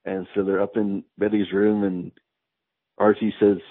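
A man's voice: lowish voice, flat delivery, unhurried, no room sound. A man co-hosting a podcast, retelling a comic story in a laid-back, easygoing way. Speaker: podcast co-host. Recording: tinny phone-like line, dry.

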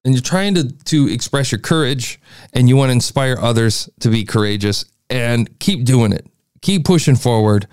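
A man's voice: medium pitch, animated, moderate pace, a little mellow, clean tone, no room sound, clean studio sound. A man hosting a podcast, giving a blunt, exasperated critique of a listener's show. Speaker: podcast host reviewing listener shows.

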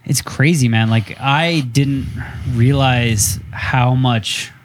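A man's voice: medium pitch, slow pace, slight background noise. A man in his thirties, a podcast guest, talking candidly and reflectively and saying "like" often. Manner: candid, reflective, heavy use of "like". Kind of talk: casual chat.

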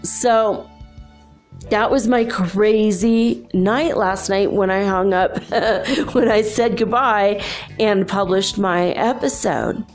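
A woman's voice: medium pitch, slow, soft background music. A woman hosting her own podcast, chatting straight to her listeners and laughing often between phrases. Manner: chatty, addresses listeners directly. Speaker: podcast host. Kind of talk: casual solo podcast monologue.

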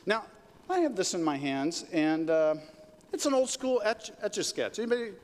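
Brief: middle-aged male pastor, lively and joking, leads call-and-response, slightly high voice, long hall echo. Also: moderate pace. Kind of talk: sermon. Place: church hall. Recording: reverberant hall with faint noise.

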